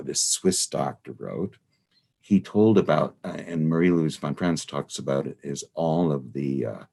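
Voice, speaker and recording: Male study-group leader, very low and gravelly, meandering casual lecturer on a video call. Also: a little mellow. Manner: meandering, full of "you know" and "uh". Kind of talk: casual rambling lecture with anecdotes.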